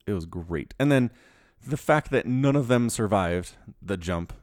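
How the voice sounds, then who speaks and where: A man in casual conversation about a movie, animated and opinionated, with jokey asides. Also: fairly low pitch, unhurried, no echo, clean studio sound.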